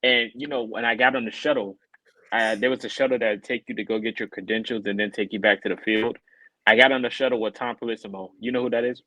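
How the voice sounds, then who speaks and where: Animated man telling a story on a podcast. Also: medium pitch, fast talker, no echo, poor audio. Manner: animated, acts out quoted voices. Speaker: podcast co-host. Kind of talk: casual storytelling chat.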